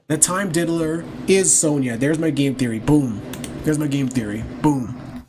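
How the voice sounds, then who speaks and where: A man's voice: on the high side, moderate pace. A man streaming a game, chatting and joking casually while reading dialogue aloud. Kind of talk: casual gaming stream chat. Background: game music.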